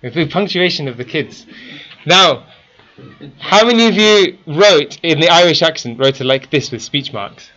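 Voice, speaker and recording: Man, teacher, interactive classroom lesson, quizzes students, bright voice, muffled lo-fi sound. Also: a little high, expressive, measured pace. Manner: quizzes the class with frequent questions.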